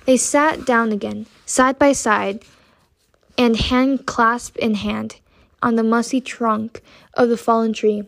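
A woman reading a classic novel aloud in a steady, measured way, with an occasional slip. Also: on the high side, gravelly. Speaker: audiobook reader.

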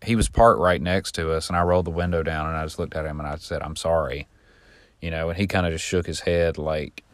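A young man speaks in a very deep, low voice and talks casually to his listeners. He rambles through a long personal story and grows animated when he reenacts shouted lines. The sound is dry and close, with hardly any room echo. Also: quick pace, hardly any pauses, clear, resonant tone. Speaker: podcast host.

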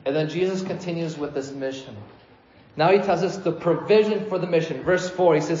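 Man preaching, conversational sermon, animated quotes, echoey church hall, somewhat dull sound, pitch a bit high. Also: fairly quick, slight background noise. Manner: conversational, animated when quoting, frequent restarts.

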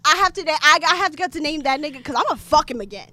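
A young woman from the United States talks in a high, bright, forceful voice. She tells her story in loose, animated chat with many filler words. At times she bursts into loud shouting. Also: rapid-fire, dry recording. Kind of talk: casual chat, explicit storytelling.

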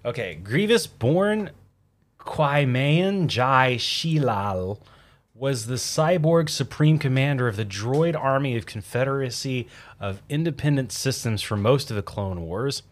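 A man's voice: mid-range voice, animated, unhurried. A man co-hosting a podcast in casual, jokey chat who laughs often and tries impressions. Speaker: podcast co-host.

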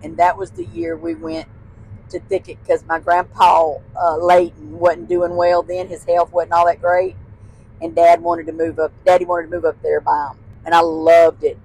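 A woman's voice: lowish voice, moderate pace, gravelly, a little mellow, a little hiss or hum, low-quality recording. A woman, a guest telling childhood stories in casual chat, laughing often and using folksy phrasing. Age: 60s.

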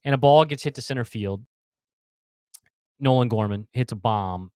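Man in his thirties, casual storyteller who stumbles and restarts, mid-pitched, dry recording. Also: normal speed, clean tone, no echo. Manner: animated storyteller, repeats words, acts out the yelling fans. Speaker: fan telling a story. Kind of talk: casual chat on a video call.

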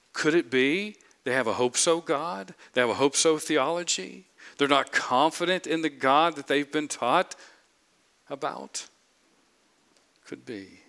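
A man's voice: fairly high pitch, fairly bright tone. A man preaching a sermon, emphatic, repeating phrases and asking the congregation rhetorical questions. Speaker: pastor.

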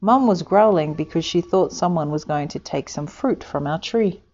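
A woman's voice: fairly low pitch, normal speed, darkish tone, dull audio. A woman voicing a small baby possum in its mother's pouch, explaining in a small voice.

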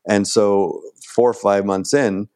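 A man in middle age tells a long personal story in a relaxed, rambling way. His voice sits fairly low, with lots of "like" and false starts, and he acts out what others said in a raised, lively voice. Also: slow. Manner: acts out quoted dialogue in a raised voice; rambling, full of "like" and restarts. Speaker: podcast guest. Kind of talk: casual storytelling.

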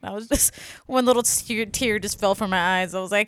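A woman's voice: mid-range voice, moderate pace, a bit bright. A woman co-hosting a podcast, chatting casually in a slangy way and laughing easily. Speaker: podcast co-host. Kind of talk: casual chat.

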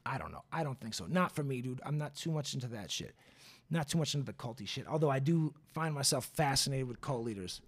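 A young man hosting a podcast, telling a story off the cuff in a loose, profane, animated way. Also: medium pitch, fast. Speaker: podcast host. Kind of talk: casual storytelling.

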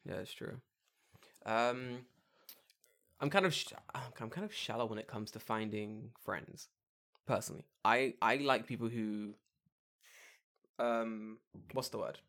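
A man's voice: on the low side, unhurried, pauses often. A man in casual podcast chat, telling stories with lots of swearing and mocking voices. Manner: swearing, animated storytelling with mocking put-on voices.

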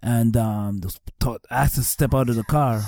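A middle-aged man gives earnest personal testimony, circling back over his words for emphasis. His voice is warm and mellow. It sits dry and close, with no room around it. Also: medium pitch, normal speed, no room sound. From New York, Staten Island. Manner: earnest, repeats phrases for emphasis. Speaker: speaker giving testimony.

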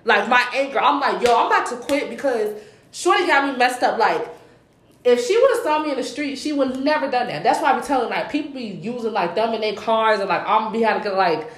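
A young woman, co-hosting a podcast, telling a heated story in a lively, swearing chatty way. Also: fairly high pitch, brisk. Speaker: podcast co-host. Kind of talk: casual chat. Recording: roomy echo with faint hiss.

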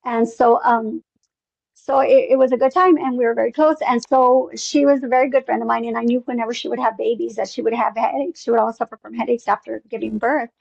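A woman's voice: fairly high pitch, fairly even intonation, quick pace, gravelly, darkish tone, husky, no room sound, highs cut off. A woman telling a long personal story in an interview, rambling with many fillers and acting out bits of dialogue. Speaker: interview guest.

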